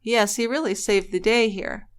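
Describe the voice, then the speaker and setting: Woman, true-crime podcast co-host, mid-pitched voice, earnest, opinionated. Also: fairly even intonation, moderate pace, smooth. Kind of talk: casual true-crime storytelling.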